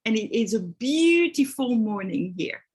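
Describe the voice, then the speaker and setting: A woman's voice: a little high, sing-song, a little slow, darkish tone, breathy edge. A woman from France with a French accent, hosting a live online webinar over a video call and greeting attendees by name. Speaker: webinar host.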